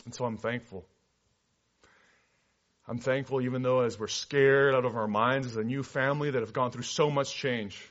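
A man's voice: mid-range voice, normal speed. Earnest missionary man preaching. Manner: earnest storytelling, shifting from animated to hushed. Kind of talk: sermon testimony. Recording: dull lo-fi recording.

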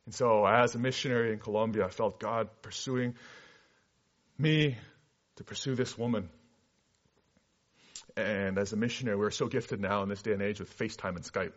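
A man who works as a missionary, telling his story in a sermon with earnest storytelling that moves between animated and hushed passages. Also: lowish voice, moderate pace, pauses often. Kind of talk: sermon testimony. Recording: dull lo-fi recording.

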